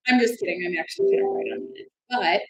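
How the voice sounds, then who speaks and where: A woman co-hosting a casual chat, a lively storyteller who acts out quoted lines. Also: on the high side, a little fast, reverberant. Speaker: co-host.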